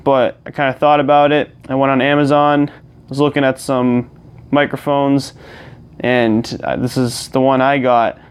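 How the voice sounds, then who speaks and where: Relaxed young man rambling into a lapel mic. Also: medium pitch, measured pace, clean tone. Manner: rambling, relaxed, many fillers and restarts. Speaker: gaming vlogger. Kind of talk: casual chat to camera while gaming. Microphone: clip-on lapel mic plugged into phone.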